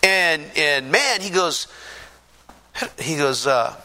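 A middle-aged man from the Pacific Northwest giving a lively personal testimony, poking fun at himself and acting out what people said. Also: on the high side, moderate pace, slight background noise. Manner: lively, self-mocking storyteller who acts out quotes. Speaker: church testimony speaker.

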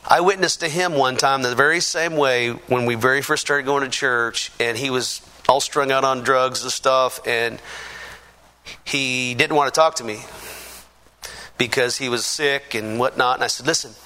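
A middle-aged man from the Pacific Northwest giving a lively personal testimony, poking fun at himself and acting out what people said. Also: medium pitch, measured pace. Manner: lively, self-mocking storyteller who acts out quotes. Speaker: church testimony speaker.

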